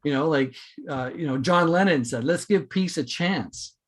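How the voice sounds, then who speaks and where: A man's voice: fairly high pitch, moderate pace. A man hosting a casual spiritual podcast, talking in a rambling way with many fillers and restarts. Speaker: podcast host.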